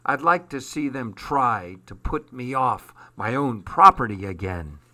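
A man doing a gruff old hobo. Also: medium pitch, animated, a little slow, pushed and bright. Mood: defiant. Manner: growling, gruff.

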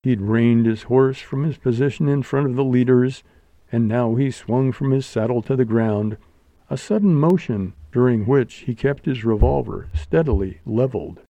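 Dark-voiced male audiobook narrator. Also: mid-range voice, moderate pace, no room sound. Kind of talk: scripted narration.

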